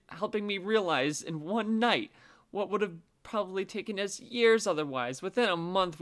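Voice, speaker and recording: A man's voice: fairly high pitch, a bit bright. A man narrating a story casually, with wry, swearing asides.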